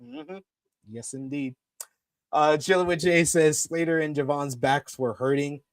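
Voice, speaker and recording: A man hosting a live-stream wrestling review, reading viewer comments and ranting loudly at times. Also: on the high side, unhurried, dry recording. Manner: animated, swears when ranting.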